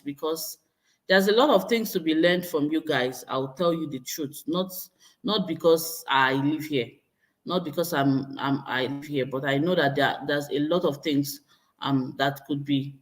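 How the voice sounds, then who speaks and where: A Nigerian woman in her thirties hosting a livestream vlog, chatting to viewers in a lively, exclamatory way and reading out their comments. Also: low-pitched, normal speed. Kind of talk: casual livestream talk to viewers.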